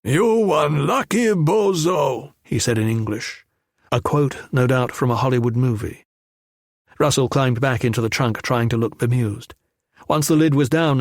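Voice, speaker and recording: Man narrating a thriller audiobook, steady mid voice, dry close mic. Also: mid-range voice, no room sound. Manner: measured, even storytelling. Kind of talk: scripted narration.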